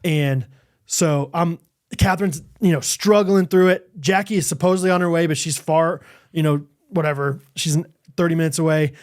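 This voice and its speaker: Animated higher-voiced man telling a story. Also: moderate pace. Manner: animated storytelling, acting out quotes with big pitch jumps and laughs. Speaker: podcast co-host. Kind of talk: casual chat.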